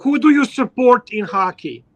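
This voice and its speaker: A man's voice: extremely high pitch, expressive, normal speed, a bit bright. Male live-stream host, boastful and teasing, chatty home-studio sound. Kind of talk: casual live stream chat.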